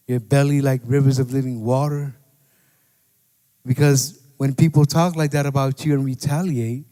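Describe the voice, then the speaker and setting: A pastor with a slightly high, mellow voice preaches to his congregation in a conversational style. He quotes scripture and keeps asking "right?", and the recording has a long hall reverb.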